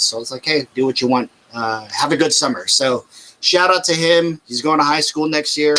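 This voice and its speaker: A podcast host in his thirties with a bright, forward tone. He rambles loosely through shout-outs, swearing freely in a relaxed, chatty way. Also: fairly high pitch, brisk, a little hiss or hum. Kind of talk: casual chat.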